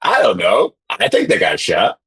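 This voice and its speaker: A man co-hosting a sports podcast, giving measured takes and settling low at the end of thoughts. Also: wildly swooping pitch, a bit bright, husky. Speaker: podcast co-host. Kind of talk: casual sports talk.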